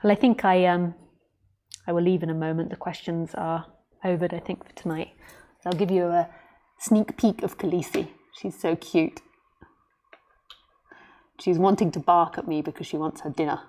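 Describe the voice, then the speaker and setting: Woman spiritual teacher, live Q&A; gentle and meandering, flat, soft-toned delivery. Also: on the low side, normal speed, long pauses. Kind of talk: answering viewer questions on a livestream.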